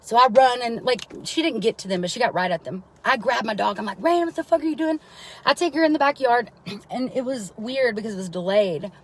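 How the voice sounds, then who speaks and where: A woman's voice: on the high side, a little fast, rough recording. A mother telling a long, rambling personal story on a live stream, with frequent swearing and asides of "right?" to her listeners. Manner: keeps checking in with listeners by asking "right?".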